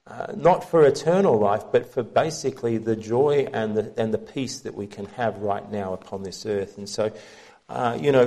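A male pastor delivers a sermon in a church setting. His voice sits a little low and sounds warm and mellow. He explains scripture in an earnest, measured way. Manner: earnest, measured Bible teaching.

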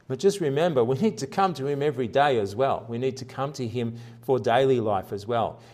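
A male pastor delivering a sermon in an earnest, conversational tone. His voice sits at an ordinary middle pitch, climbing and growing louder for emphasis, then dropping soft and low in reflective moments. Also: a little fast.

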